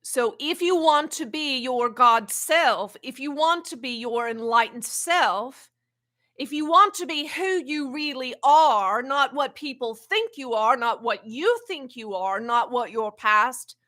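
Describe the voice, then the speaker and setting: A woman channeling an ancient wise spirit in a spiritual teaching talk, speaking slowly and haltingly and often repeating words. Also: high-pitched, sharp tone, full character voice. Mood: calm teaching. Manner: slow, halting, repeats words while searching.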